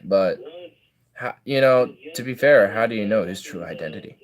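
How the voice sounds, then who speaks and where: Lively low-voiced male streamer. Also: moderate pace. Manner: joking, swearing, animated reactions. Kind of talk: casual gaming commentary.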